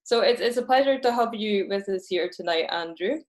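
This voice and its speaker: A woman's voice: mid-range voice, fairly quick. A woman with a Scottish accent hosting an online talk session over a video call, earnest, with small restarts when she speaks freely. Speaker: host.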